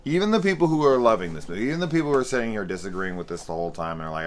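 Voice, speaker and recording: A man's voice: lowish voice, big pitch swings, very fast, hardly any pauses, slight background noise. A man in his forties, a film reviewer, ranting sarcastically and swearing freely, mocking scenes with exaggerated quoted voices. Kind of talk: profane, sarcastic rant review.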